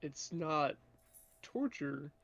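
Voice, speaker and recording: A man's voice: a little high, lively intonation, very slow, fairly bright tone. A man playing in a tabletop game, dry and matter-of-fact. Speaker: player. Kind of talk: casual tabletop game chat.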